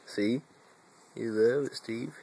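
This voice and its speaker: A man's voice: medium pitch, fairly even intonation, creaky, warm tone, husky. A man filming on his phone, teasing and cursing as he coos at his lazy cat. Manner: teasing, cursing, drawn-out baby talk to a cat. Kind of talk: casual phone video talking to a pet cat. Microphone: phone camera.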